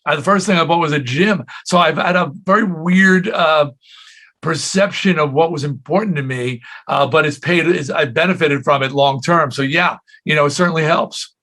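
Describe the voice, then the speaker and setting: A man's voice: on the high side, normal speed. A man in his sixties, a rock singer telling stories in a casual interview, slipping into quoted voices as he goes. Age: 60s. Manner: animated storyteller, jumps into quoted voices.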